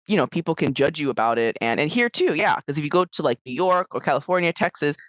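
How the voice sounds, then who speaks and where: A woman's voice: sits low, fast, no echo. Chatty American woman podcaster, dry sound. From United States. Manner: rambling, animated storytelling with many fillers. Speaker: podcast co-host. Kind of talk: casual chat.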